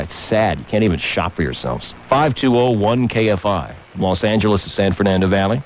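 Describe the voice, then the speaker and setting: A man hosting a talk radio show from a studio microphone, ranting with shouted mock outbursts. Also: on the low side, lively intonation, a little fast, few pauses, a little hiss or hum, low-quality recording.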